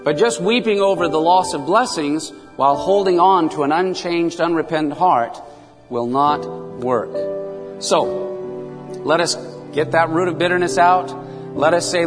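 A man's voice: fairly high pitch, normal speed, in a large hall, over music. A male pastor preaching earnestly, acting out biblical dialogue in a raised voice. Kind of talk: radio sermon.

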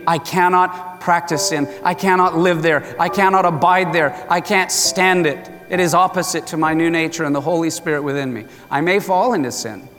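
A man preaching a sermon with passion, now and then acting out the voices of the people he quotes. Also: fairly high pitch. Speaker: pastor. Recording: reverberant hall.

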